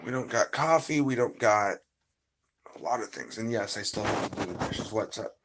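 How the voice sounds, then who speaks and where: A man's voice: lowish voice, animated, normal speed, fairly bright tone, a little hiss or hum, poor audio. A man chatting casually on a livestream from his apartment, rambling with lots of "you know". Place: apartment indoors.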